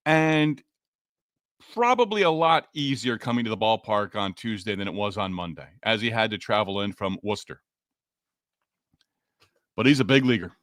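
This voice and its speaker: A man hosting a solo sports podcast, talking straight to listeners in an energetic, emphatic way. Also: fairly low pitch, normal speed, long pauses, no echo, clean studio sound. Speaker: podcast host.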